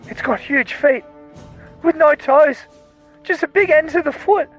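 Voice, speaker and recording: A frightened male miner hiding on the moon, as a man puts him on for a radio comedy sketch. He speaks in a hushed, nervous and very high voice, with faint music under him. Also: unhurried, rough recording. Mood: hushed, scared.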